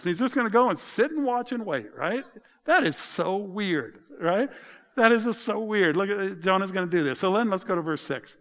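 Male pastor, middle-aged, sermon, lively swings in pitch, exclaiming asides. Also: normal speed. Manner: animated, exclaiming and mocking in asides.

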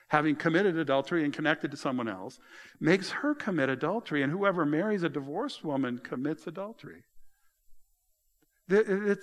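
A middle-aged male pastor preaching a sermon, telling stories in an animated way and raising his voice high when he retells dialogue. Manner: animated storytelling, voice rising high in retold dialogue.

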